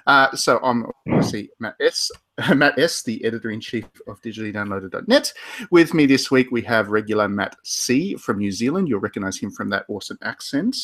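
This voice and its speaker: A man's voice: on the low side, lively intonation, fairly quick, fairly bright tone. A man hosting a podcast, cheerfully introducing his guests in casual chat. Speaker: podcast host.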